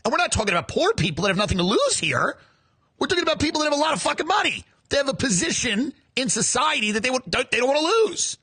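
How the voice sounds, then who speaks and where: A man rants in a comedic monologue, firing off sarcastic, profane rhetorical questions. His voice sits high and swings widely in pitch. The tone is bright with a husky edge, close and dry. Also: sing-song, fast talker, dry recording. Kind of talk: comedic rant.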